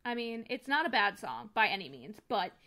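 Woman co-host for a casual music chat podcast: high, bright and animated, laughs loudly, swears freely. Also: normal speed.

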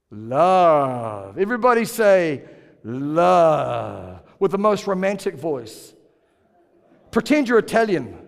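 Male pastor, sermon delivery, playful with the crowd, slightly higher voice, long hall reverb. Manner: playful, jokes with congregation, asks them to repeat words.

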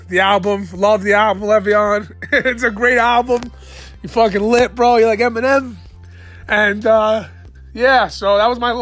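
A man hosting a solo sports fan podcast late at night, excited, profane and rambling as he rants. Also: high voice. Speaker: podcast host.

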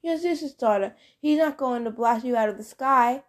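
A woman's voice: a little high, moderate pace, close to an everyday voice. A woman voicing a cocksure young male sun god in an audiobook, easygoing and joking. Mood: breezy.

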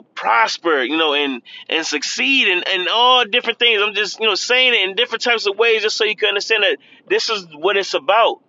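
A man's voice: sits high, bright, forceful tone, lo-fi sound. A man giving casual, earnest pep talk while driving, repeating himself and calling the listener "man". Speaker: podcast host. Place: in a car, driving.

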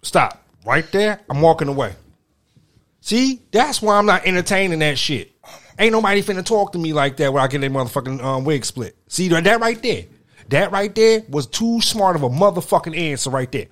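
Male podcast host, brash profane ranter, fairly high voice with big swings. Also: animated, fairly quick. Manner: loud, ranting, swears heavily. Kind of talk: casual profane chat.

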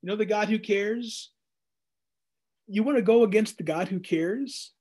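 A man in his thirties teaching verse by verse through scripture in a jokey, animated way, acting out the quotes. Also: high voice, a little slow. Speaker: Bible teacher.

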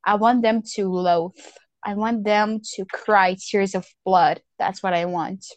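A woman's voice: medium pitch, fairly even intonation, unhurried, no room sound. A woman in casual conversation, rambling and frankly profane as she vents her frustration. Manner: rambling, frank and profane, self-styled hater. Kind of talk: casual chat about motor racing.

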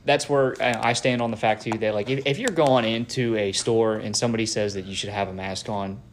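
A man's voice: lowish voice, fairly even intonation, fairly quick. A man co-hosting a podcast in casual chat, laid-back and profane, often hedging his opinions. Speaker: podcast co-host.

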